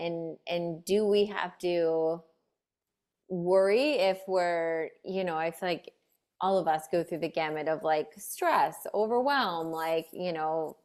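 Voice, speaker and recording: A woman hosting a casual interview, asking rambling questions quickly and laughing often. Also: lowish voice. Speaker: podcast host.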